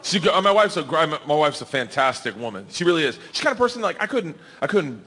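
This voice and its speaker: A man performing a profane stand-up comedy set on a club stage, telling brash, animated stories into a handheld mic. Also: a little high, fast, breathy edge. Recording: live show with loud crowd laughter and noise.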